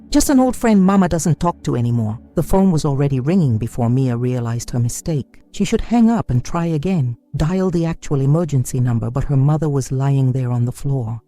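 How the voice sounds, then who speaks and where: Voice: mid-range voice, dark tone. A narrator reading a dramatic story in a scripted, emotive way.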